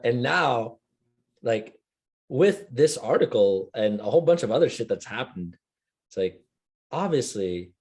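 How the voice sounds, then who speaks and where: A man's voice: medium pitch, darkish tone. A man in casual podcast conversation, talking in slangy bursts that speed up. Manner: slangy, bursts into quick runs of words. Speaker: podcast co-host.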